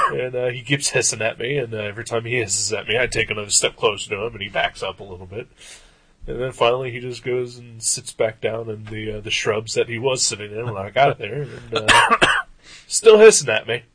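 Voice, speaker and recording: A man in casual chat, rambling through a story with many pauses and fillers. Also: mid-range voice, a bit bright, breathy edge, poor audio.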